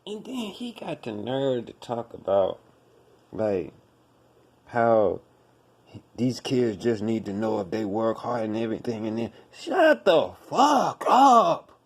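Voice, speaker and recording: A man's voice: medium pitch, warm tone. Blunt, profane man ranting. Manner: blunt, profane, emphatic, repeats his points. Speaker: podcast host. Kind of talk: ranting commentary.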